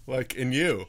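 Bright-voiced laid-back man. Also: medium pitch. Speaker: stream co-host. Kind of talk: casual chat.

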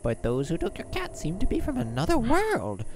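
A woman's voice: medium pitch, huge pitch swings, normal speed, darkish tone, slight background noise. A woman voicing a polite, frail old male rat who speaks courteously and apologetically, in a game playthrough. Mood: courtly.

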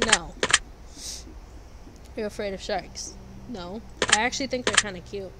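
A young adult woman vlogging in a casual, blunt way, sarcastic and swearing constantly while she answers quiz questions. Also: on the high side. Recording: noisy background.

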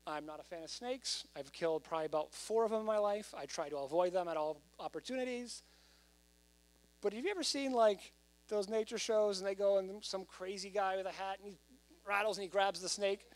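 A male pastor preaches to his church in a conversational but animated way. He often pushes his voice up to loud, emphatic peaks. A faint mains hum sits under the recording. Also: sits high, moderate pace. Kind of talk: sermon.

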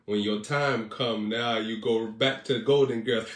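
Joking preacher in an echoey room. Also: male voice, lowish voice, steady tone, a little slow, hardly any pauses, a little hiss or hum. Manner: playful, laughs often, teasing the audience. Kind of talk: joking live-stream preaching. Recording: echoey room, distant mic.

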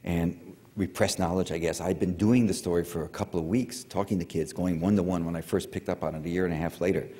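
Deep-voiced older man lecturing in a hall. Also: fairly even intonation, fast, dark tone. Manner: rambling, digressive, many fillers and restarts. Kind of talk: public lecture storytelling. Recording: reverberant hall.

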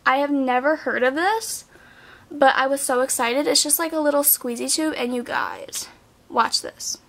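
A woman's voice: high-pitched, normal speed. A nineteen-year-old woman chatting casually in a haul video, bubbly and full of "like" fillers. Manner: bubbly, chatty, says "like" a lot. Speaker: beauty vlogger. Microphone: camera mic.

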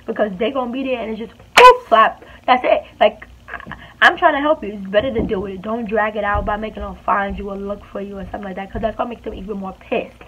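A woman telling a storytime vlog in an animated, chatty way, repeating phrases for emphasis. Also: medium pitch, fast talker. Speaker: beauty vlogger. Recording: tinny phone-like sound with faint hiss.

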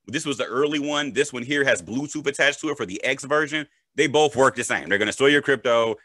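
Male crypto educator, casual and jokey, bright voice, dry close recording. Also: mid-range voice, a little fast, no echo. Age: adult, a parent. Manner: animated, joking, checks in with "right?" and "okay?". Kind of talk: casual explainer.

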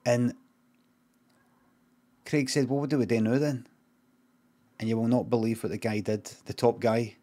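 A middle-aged man with a Scottish accent spins an improvised comic yarn. His delivery is deadpan and meandering, full of casual swearing and sudden tangents. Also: mid-range voice, normal speed, pauses often. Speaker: streamer.

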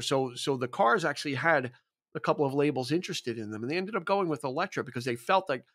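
A man's voice: on the high side, lively intonation, quick pace, a bit bright. A man co-hosting a music podcast in casual chat, talkative and enthusiastic, often restarting his sentences. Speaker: podcast co-host.

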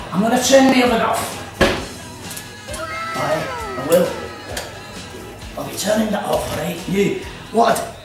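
A man hosting a homemade cooking demonstration, chatty and joking as he sips whisky between steps. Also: very high-pitched. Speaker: cooking show host. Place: kitchen at an activity centre. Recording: echoey room, mic at a distance, music behind.

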